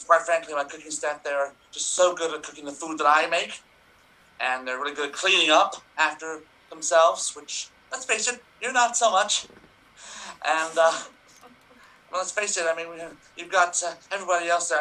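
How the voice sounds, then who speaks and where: A man's voice: on the high side, bright, forceful tone, low-quality recording. A man improvising a fussy woman breaking up with her boyfriend, rambling and hesitant, over a video call. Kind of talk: improv comedy scene.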